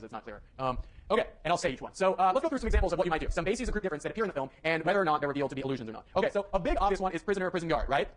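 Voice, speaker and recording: Brief: young male lecturer, very quick, chatty delivery, lots of restarts. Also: on the high side. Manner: quick, conversational, with many fillers and restarts. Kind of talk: university lecture. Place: lecture hall.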